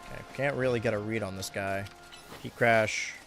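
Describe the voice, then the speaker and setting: A man's voice: fairly low pitch, fairly even intonation, normal speed, vocal fry, over music. Chatty self-mocking male streamer. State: voice getting worn. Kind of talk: casual gameplay commentary.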